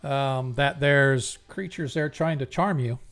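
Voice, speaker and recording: A man's voice: mid-range voice, takes it slowly, a bit bright. A man running an online tabletop game as game master, casual and hesitant, often laughing.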